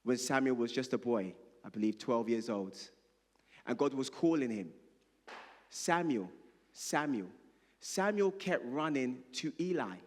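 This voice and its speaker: A man's voice: medium pitch, animated, normal speed, a little mellow. A male pastor preaching a sermon, leading the congregation in call and response and reading scripture aloud. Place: church hall. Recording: reverberant church hall.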